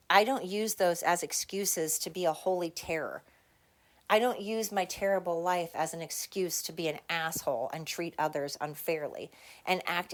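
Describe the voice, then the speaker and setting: A woman hosting her own podcast, delivering a heated, blunt, profane solo rant with emphatic repetition. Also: lowish voice. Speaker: podcast host.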